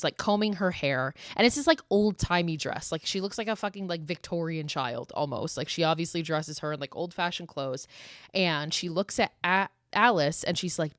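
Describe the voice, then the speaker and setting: A young woman hosts a podcast, retelling a horror film in loose, profane chatter peppered with "like". Her voice sits a bit low for a woman. The sound is dry and close, with no room echo. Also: a bit bright. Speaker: podcast host. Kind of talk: casual movie recap.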